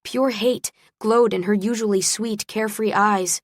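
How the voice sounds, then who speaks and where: Expressive woman audiobook narrator. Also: mid-range voice, measured pace, few pauses, no room sound, studio quality. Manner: expressive, first-person storytelling.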